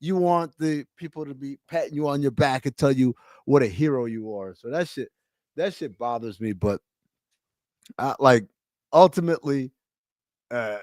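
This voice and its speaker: A man hosting a podcast talks casually at a normal speed and medium pitch, pausing often, with no room sound. He brings his stories to life by acting out the quotes.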